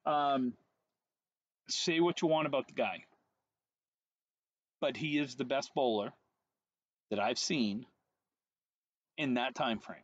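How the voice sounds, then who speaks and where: A man's voice: mid-range voice, slow, pauses often, slight background noise. A man in his forties co-hosting a podcast, chatting casually on an outdoor deck in a wry, teasing way. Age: 40s. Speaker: podcast co-host. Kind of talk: casual chat. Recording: dull lo-fi sound.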